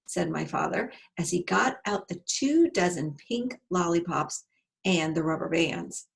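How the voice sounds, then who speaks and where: A woman narrating a children's storybook aloud in an expressive, unhurried way. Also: lowish voice, creaky.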